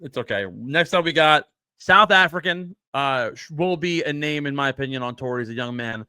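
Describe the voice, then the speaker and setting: A man's voice: fairly high pitch, normal speed, bright, forceful tone, clear, resonant tone, dry recording, studio quality. A man co-hosting a casual podcast, who teases the other host and quizzes him.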